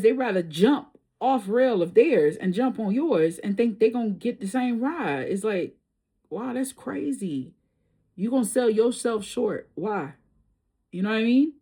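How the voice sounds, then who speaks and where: A woman with a slightly high, mellow, husky voice does a tarot reading, telling a personal story in casual slang and laughing often.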